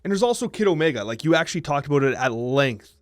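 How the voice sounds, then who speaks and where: A fast-talking man in his thirties co-hosts a casual podcast, his voice a bit high and lively as he tells stories. The sound is dry and close to the mic, with faint music underneath. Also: no room sound. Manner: animated storytelling, quick and talkative. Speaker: podcast co-host. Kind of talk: casual chat.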